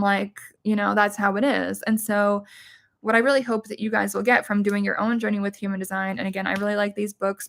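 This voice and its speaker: A woman's voice: medium pitch, gravelly, a bit bright. A middle-aged woman hosting a casual livestream, talking candidly and emphatically and swearing freely. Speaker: livestream host, witch and medium.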